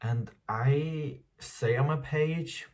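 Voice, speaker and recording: A man's voice: fairly high pitch, drawn-out words, darkish tone, far from the mic. A man around twenty talking frankly in a casual diary vlog, swearing freely and laughing often. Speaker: vlogger.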